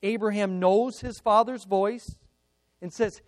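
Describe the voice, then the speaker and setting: A man preaching a sermon, retelling a scripture story in an earnest way and moving between emphatic lines and hushed, personal ones. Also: high-pitched, measured pace, dry recording.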